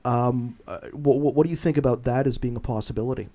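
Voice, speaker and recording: A man hosting a podcast who talks in a halting way, with many fillers and restarts. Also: medium pitch, fairly even intonation, mellow. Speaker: podcast host. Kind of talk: casual podcast conversation.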